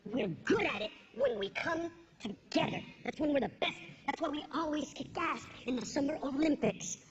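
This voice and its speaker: On stage before a live audience, a woman performs stand-up comedy, punching out her lines and slipping into put-on voices for jokes. Her voice sits high and sounds animated at a moderate pace, on a lo-fi recording with background noise.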